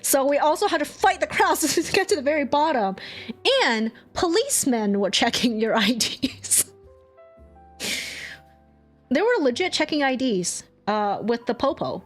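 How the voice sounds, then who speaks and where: A young woman streamer chatting casually, telling a story with animated swearing and acted-out quotes. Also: sits high, unhurried, soft background music. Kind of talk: casual chat.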